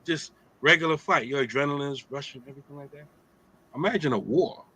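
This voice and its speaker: A man's voice: a little high, fairly quick, pushed and bright, a little hiss or hum, rough recording. A middle-aged man hosting a casual religious talk, streetwise and joking, often asking "right?". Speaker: host of an Islamic talk show.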